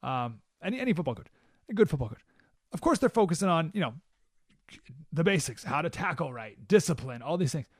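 A male talk radio host delivers an emphatic studio monologue and keeps asking his listeners "right?". His voice sits a bit high for a man, and the mic sound is close and dry. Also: big pitch swings, brisk, dry recording.

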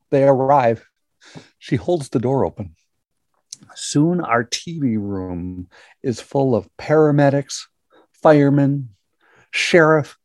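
Slow, measured older man telling a story. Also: mid-range voice, warm tone, no room sound. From Minnesota. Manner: measured, dramatic present-tense telling with long pauses. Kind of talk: personal story told to an audience.

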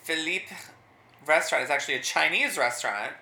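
A woman's voice: deep voice, expressive, fairly quick, pushed and bright. A woman co-hosting a podcast, making wry, blunt asides in casual chat. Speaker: podcast co-host. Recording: roomy with faint music.

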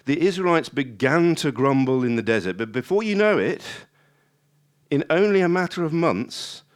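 Guy preaching, swoops up high when he acts out prayers, chatty asides. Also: moderate pace. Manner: animated, rising high when acting out prayers; conversational with restarts and asides. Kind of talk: sermon.

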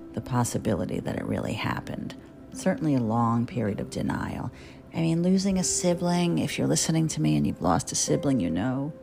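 Gravelly low-voiced woman podcast host. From New Jersey. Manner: candid, chatty, self-deprecating. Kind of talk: personal monologue. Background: guitar music.

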